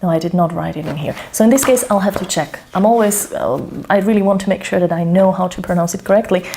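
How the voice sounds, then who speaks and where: A woman demonstrates her language study method in a casual think-aloud tutorial, hesitant and double-checking herself as she mutters while writing by hand. Her voice is lowish and dark, and she talks fast. A camera over her shoulder picks it up along with slight background noise.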